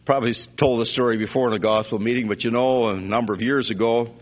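A middle-aged man from Canada preaching a sermon, loud and animated, mixing stories with scripture. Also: medium pitch, fast talker. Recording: long reverb of a hall.

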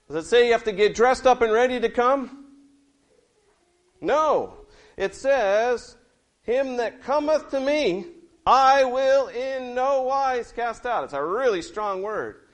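Man, preacher, high voice, animated, children's sermon, swings loud to soft. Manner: lively, expressive storytelling with big swings in pitch and loudness.

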